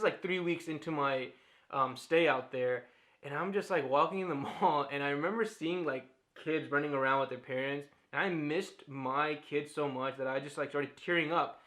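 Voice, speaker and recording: A thirtysomething man talks frankly in a personal vlog, reflective and open, with plenty of laughter and filler words. He has a medium-pitched, slightly bright voice.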